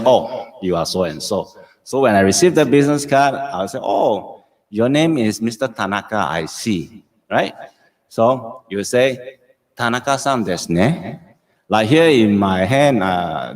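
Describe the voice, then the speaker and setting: A middle-aged man with a Singaporean English accent, teaching a live-streamed Japanese lesson, repeating phrases and checking in with "okay?" often. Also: medium pitch.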